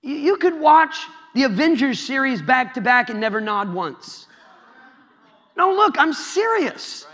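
This young Iowan preacher has a very high, fairly bright voice with big pitch swings and a measured pace. He tells stories and speaks straight to a youth audience in a large church hall, where the sound carries a long reverb.

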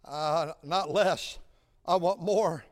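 A man preaching a sermon, telling folksy stories and building to shouted exhortation. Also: fairly high pitch, takes it slowly. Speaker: pastor. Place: large church sanctuary. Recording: church sanctuary with long reverb.

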